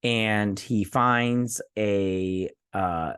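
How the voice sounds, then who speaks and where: A man's voice: fairly low pitch, very slow, a bit bright, smooth. Tired, rambling man recapping a show. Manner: rambling, chatty retelling full of "I'm like". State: tired, yawning. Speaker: TV review host. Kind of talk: casual episode recap and reaction.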